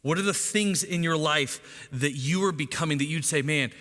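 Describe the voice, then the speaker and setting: A middle-aged pastor preaches a sermon in a church sanctuary, speaking conversationally to the congregation and posing many questions. His voice is a little high, bright and forceful, at a normal speed, with long church reverb on the recording.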